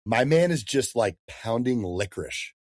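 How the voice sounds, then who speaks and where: A man in his thirties, a fitness coach talking in a casual podcast interview, animated and slangy, calling people dude and man. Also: medium pitch, normal speed, no room sound, clean studio sound.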